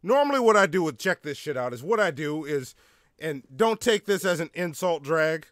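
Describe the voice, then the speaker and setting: A man's voice: on the high side, very animated, normal speed, a bit bright, dry recording, studio quality. A man hosting a casual podcast, talking loosely and with lots of swearing as he steers the show along. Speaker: podcast host.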